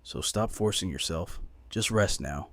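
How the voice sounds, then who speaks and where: A man's voice: lowish voice, normal speed, no echo, lightly acted. A man doing a soothing shadow self. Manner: soft, consoling.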